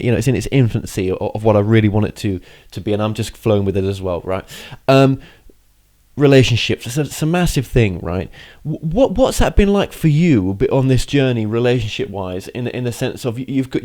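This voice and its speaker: Halting male interview host. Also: medium pitch, a little mellow. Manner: halting, repeats words as he gathers his question. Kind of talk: casual interview chat.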